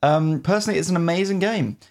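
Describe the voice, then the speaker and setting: A man's voice: on the high side, fast talker, a little mellow. A man co-hosting a casual gaming podcast, wry and opinionated, sometimes reading out a review, often laughing. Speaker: podcast co-host. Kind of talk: casual gaming chat, partly read review.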